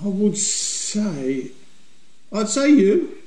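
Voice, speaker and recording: A man's voice: sits high, very animated, drawn-out words, warm tone, roomy sound, poor audio. An older man with a West Midlands accent, a member of a motorbike vlog group, answering questions in rambling, jokey banter. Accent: West Midlands English. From West Midlands, England. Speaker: interviewee, motovlog group member. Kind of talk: casual chat.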